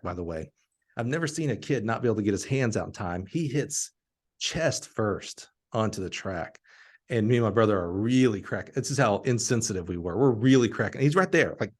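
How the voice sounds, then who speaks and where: A middle-aged man from Alabama, hosting a podcast and telling a story in an animated, laughing way. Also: mid-range voice. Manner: animated, laughing storyteller who acts out quotes. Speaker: podcast host.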